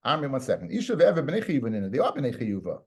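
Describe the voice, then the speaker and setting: A man's voice: medium pitch, huge pitch swings, fast, darkish tone, slightly rough. A man, a rabbi, teaching a Talmud lesson in a conversational way, often repeating words and mixing in Hebrew and Aramaic terms.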